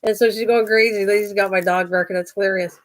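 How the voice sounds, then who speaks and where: A woman's voice: medium pitch, steady tone, fast talker. An older woman hosting her own channel, chatting casually to the camera and talking to her pets as she goes. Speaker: craft and garden channel host.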